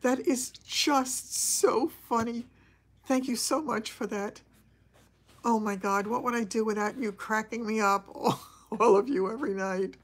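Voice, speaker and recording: An older woman with a New York accent chatting casually on a livestream, laughing easily and often clearing her throat as she answers viewers. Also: fairly high pitch, measured pace. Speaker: vlogger host, former actress. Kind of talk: casual livestream chat reading viewer comments.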